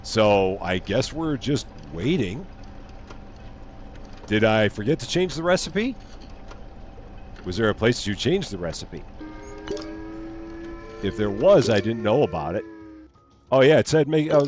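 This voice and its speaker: This man's voice sits at medium pitch with a slightly mellow quality. Streaming a game live, he keeps up playful, chatty commentary, reading out the text on screen and cracking jokes along the way.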